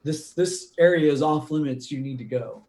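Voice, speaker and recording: A man's voice: fairly high pitch, moderate pace, darkish tone, echoey room, lightly acted. A man voicing a stern male soldier with an American accent, giving curt orders.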